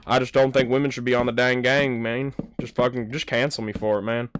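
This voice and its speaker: A man's voice: mid-range voice, level tone, brisk, a little hiss or hum, voice pushed up, lightly acted. A man voicing a stubborn young male gamer who drawls and keeps repeating "man" at the end of his lines. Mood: defiant.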